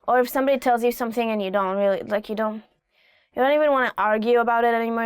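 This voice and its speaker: A woman's voice: a little high, very fast, smooth, dry recording, studio quality. A woman teaching phrases in a casual video lesson, chatty and playful, acting out little example lines. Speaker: language teacher.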